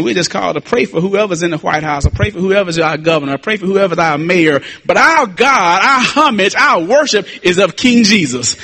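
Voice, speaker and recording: A male pastor preaching a sermon, repeating phrases and rising to shouts at the peaks. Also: high voice. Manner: repetitive call-and-response preaching, shouting at peaks.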